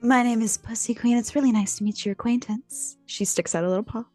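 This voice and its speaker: A woman playing in a tabletop role-play game who speaks in a giggly, excitable way. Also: on the high side, brisk, faint music behind. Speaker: player.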